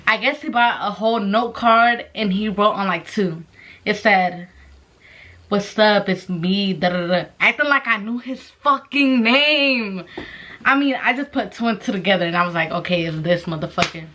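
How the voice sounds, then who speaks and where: A young woman telling a story casually to the camera, swearing constantly and acting out voices with animated energy. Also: medium pitch, normal speed. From Mexican-American. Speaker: vlogger.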